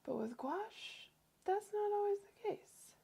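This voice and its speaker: A young woman chatting casually on a livestream as she paints, self-deprecating and often dropping into soft near-whispers. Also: very high-pitched, lively intonation, slow pace, gravelly. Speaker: art livestreamer.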